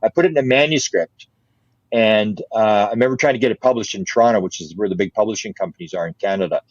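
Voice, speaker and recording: Older man telling an animated story. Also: lowish voice, fast, dry recording, dull audio. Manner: animated, repeats words, laughs often. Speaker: interview guest. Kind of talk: casual storytelling.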